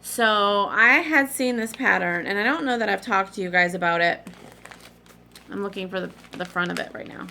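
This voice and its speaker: Chatty woman with a gravelly edge. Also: mid-range voice, moderate pace, bright, forceful tone, a little hiss or hum. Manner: chatty, digressive, apologetic asides. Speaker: cross-stitch vlogger. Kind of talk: rambling casual chat to camera.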